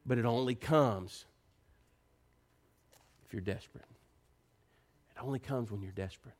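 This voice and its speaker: A preacher man delivering a sermon to his congregation. He talks in a mid-range voice with a conversational, earnest tone and grows animated when he tells a story. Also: a little slow. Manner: animated, rising to high excited pitch when telling stories.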